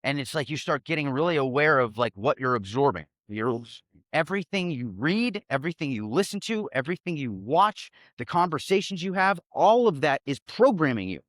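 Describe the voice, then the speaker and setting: Male self-help speaker, slightly high pitch, rambling and profane, casual monologue. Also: big pitch swings, a little fast, a bit bright, no echo, clean studio sound. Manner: profane, emphatic, rambling with many fillers.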